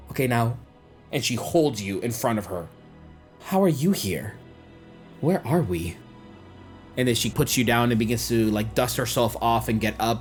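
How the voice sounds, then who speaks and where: A man narrating a tabletop role-playing game as game master, with vivid description. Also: on the low side.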